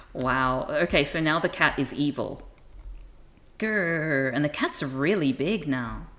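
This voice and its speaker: A woman's voice: low voice, expressive, takes it slowly, a bit bright. A woman streaming live, reading comics aloud with wry, amused, self-deprecating asides.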